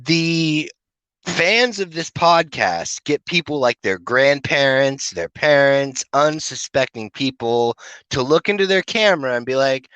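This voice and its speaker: Bright pushy-sounding middle-aged guy on a podcast, swears a ton, dry close mic. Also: medium pitch, a little slow, smooth, no room sound, dull audio. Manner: profane, rambling anecdotes with animated quoted voices. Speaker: podcast co-host. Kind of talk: crude casual storytelling.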